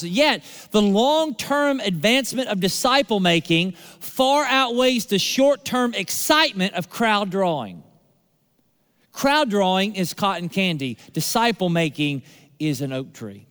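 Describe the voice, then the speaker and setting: Male pastor, high voice, preaching with repetition and pauses, long hall reverb. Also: expressive, fairly bright tone. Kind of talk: sermon.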